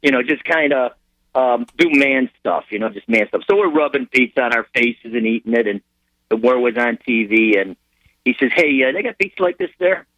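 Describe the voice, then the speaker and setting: A man's voice: mid-range voice, moderate pace, fairly bright tone, no room sound, low-quality recording. A middle-aged man, a sergeant who is a guest on a radio interview, telling rambling anecdotes with frequent restarts. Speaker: military sergeant and charity founder as a guest.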